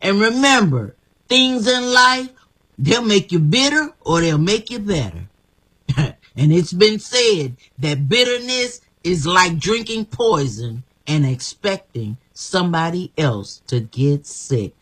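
Woman, husky bright voice, slow and emphatic, encouraging, repeats herself. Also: on the low side, very animated. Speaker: guest. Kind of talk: motivational testimony.

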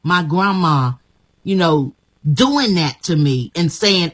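A woman's voice: medium pitch, animated, slow, long pauses, low-quality recording. A woman guest telling her life story in an emphatic, repetitive, motivational way. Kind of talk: inspirational personal story.

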